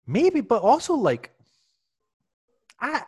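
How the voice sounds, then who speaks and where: A man in casual chat, swearing freely and dropping quick comic asides. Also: extremely high pitch, wildly swooping pitch, mellow, slightly rough.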